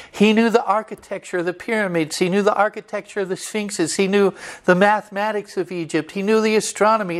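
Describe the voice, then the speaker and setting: A preacher delivering a sermon earnestly, building repeated emphatic lists and sometimes restarting words mid-sentence. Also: medium pitch. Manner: occasional stumbling restarts.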